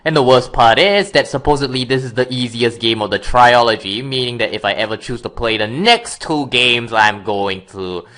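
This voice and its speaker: A man's voice: medium pitch, expressive, normal speed, hardly any pauses, a bit bright. A man chatting casually as a guest, often correcting himself with wry remarks. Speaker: YouTuber guest. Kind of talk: casual chat.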